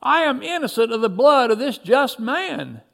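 A man's voice: sits high, big pitch swings, a bit bright, full character voice. A man voicing a stern, exasperated Roman governor. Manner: archaic formal speech, slow and emphatic.

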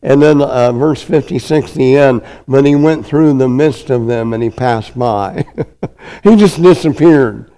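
A man preaches a sermon in an unhurried, deliberate rhythm. His voice is mellow and warm. He hammers his points home by repeating them. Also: mid-range voice, poor audio. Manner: emphatic, repetitive preaching cadence.

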